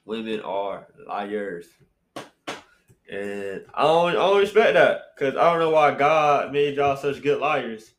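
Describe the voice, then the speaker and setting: Slangy animated man in an echoey room. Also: mid-range voice, takes it slowly, slight background noise. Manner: animated, slangy, jumps between loud and quiet. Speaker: podcast host. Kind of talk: casual podcast chat. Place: apartment room.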